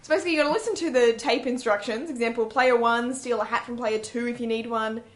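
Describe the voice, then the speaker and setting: A chatty woman with a slightly high voice co-hosts a late-night radio show. She tells stories in a loose, casual way, laughs a lot and breaks into little acted-out quotes. Her voice is close on a studio microphone. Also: steady tone, quick pace. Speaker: radio co-host.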